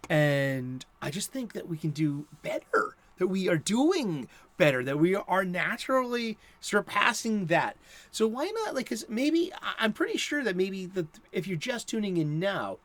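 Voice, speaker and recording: Chatty rambling man, slightly high voice. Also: sing-song, a little slow, hardly any pauses, a bit bright. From United States. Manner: rambling, with many fillers and restarts. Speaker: host. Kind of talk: casual chat.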